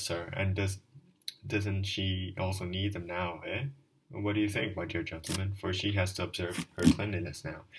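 A man's voice: sits low, vocal fry, a bit bright, distant mic, low-quality recording. A man reading the part of a drunken, self-pitying middle-aged clerk who pleads and rambles, calling his listener sir. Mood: bitter.

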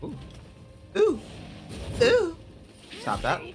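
A man streams himself playing a video game, grumbling and swearing at the enemies as he goes. He talks slowly and in a mid-pitched voice. Loud game music plays under his commentary. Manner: frustrated, swearing, talking to the game. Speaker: gaming streamer. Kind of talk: gameplay commentary.

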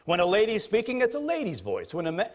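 Brief: male pastor preaching a sermon, somewhat high voice, animated, jokey, storytelling. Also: fast talker.

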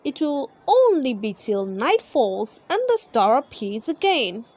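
A solemn traveling king speaks with calm kindness, read by a woman. The lines come slowly and gently, with a lively rise and fall in the reading. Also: on the high side. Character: solemn traveling kings, grave and kindly men.

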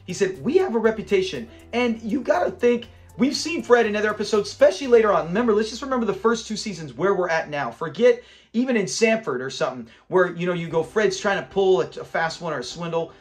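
Brief: male host, fairly high voice, lively recap with quoted lines, faint music under. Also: fast. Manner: animated retelling, acts out quotes, laughs often. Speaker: show review channel host. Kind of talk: casual episode commentary.

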